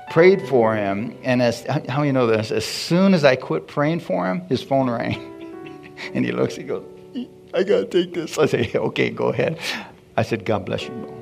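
Gravelly-voiced man preaching. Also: medium pitch. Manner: folksy, repetitive, chuckles at his own stories. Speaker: pastor. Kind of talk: sermon with storytelling and prayer. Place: church.

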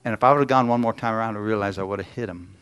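A man's voice: lowish voice, very fast, a bit bright, clear, resonant tone. Folksy male preacher telling stories. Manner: folksy storytelling, asks the congregation questions. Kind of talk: sermon with personal stories.

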